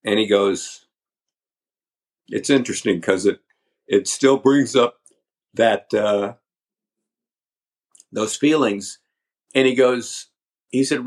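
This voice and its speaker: An older man, a podcast guest, telling his story candidly in a halting, talkative way. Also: on the low side. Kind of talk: storytelling interview.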